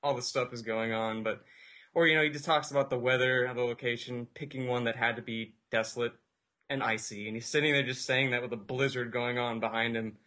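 Bright-voiced chatty man. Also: medium pitch, fairly even intonation, a little fast. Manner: chatty, laughs while telling stories. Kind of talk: casual roundtable chat.

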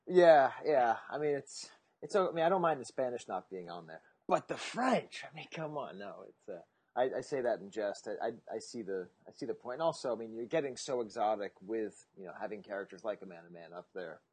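A man's voice: fairly low pitch, expressive, brisk, a little mellow, breathy edge. A man co-hosting a casual podcast roundtable, joking and stumbling over his words. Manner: joking, hesitant, repeats words.

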